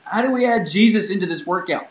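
A man's voice: high voice, expressive, fast talker, echoey room. A man hosting a casual interview, out of breath and laughing along. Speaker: host.

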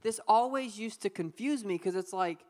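A young adult woman giving a youth sermon, playful and lively, calling on the audience to repeat words back. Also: medium pitch, normal speed. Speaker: youth pastor. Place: church youth service.

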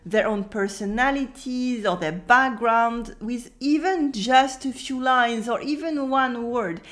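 A woman's voice: on the high side, a bit bright. French woman teaching with careful examples. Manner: clear, explanatory, slowly repeats French examples. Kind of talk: video lesson.

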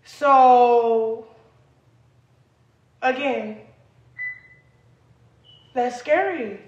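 A woman's voice: on the high side, drawn-out words, roomy sound, muffled recording. A young woman in a rambling, agitated and profane livestream rant, recorded on a phone.

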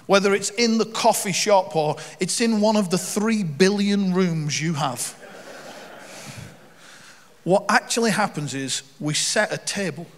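A middle-aged man gives a guest sermon in a church hall, and his fairly high voice carries a long reverb. He tells humorous stories briskly and acts out the people in them. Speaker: guest preacher.

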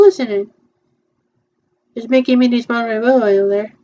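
A woman's voice: fairly high pitch, moderate pace, pauses often, warm tone, muffled recording. A woman chatting casually through a virtual theme-park tour, hesitant and playful, with frequent ums.

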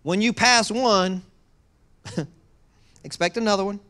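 Animated preacher swinging loud to hushed. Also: mid-range voice, takes it slowly. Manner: acts out quoted voices with humor. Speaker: pastor. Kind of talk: sermon.

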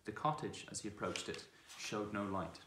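Deep-voiced man reading a storybook. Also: fairly even intonation, moderate pace, noisy background. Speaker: reader. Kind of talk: storybook narration. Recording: echoey room.

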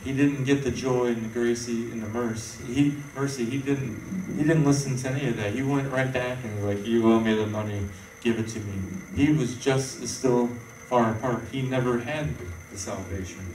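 A man's voice: medium pitch, normal speed, a little mellow, slight background noise. A man preaching an informal sermon, rambling and conversational with many fillers and restarts. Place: church hall. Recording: echoey room, voice from far off.

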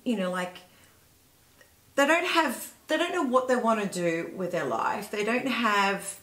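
A woman's voice: on the high side, animated, unhurried. Chatty woman interviewer, echoey room. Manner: warm, rambling questions with many fillers. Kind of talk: interview questions.

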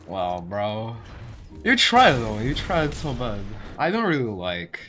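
Man, gameplay commentary, excitable, cursing, slow drawl, lively pitch. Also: soft background music. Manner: excitable, swears often, constantly says "bro". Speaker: gaming video creator.

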